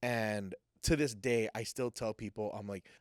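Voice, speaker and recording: A man with a fairly low voice tells a personal story in a loose, casual way. He gets animated and acts out what people said. The recording is close and dry, with no room sound. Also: measured pace, no room sound. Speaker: guest sharing a personal testimony.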